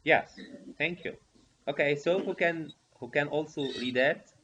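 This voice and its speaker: A man teaching pronunciation over a video call, slowly repeating prompts and coaxing participants to answer. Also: fairly high pitch, a crowd in the background. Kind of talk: online teacher training session. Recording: dull lo-fi audio with faint hiss.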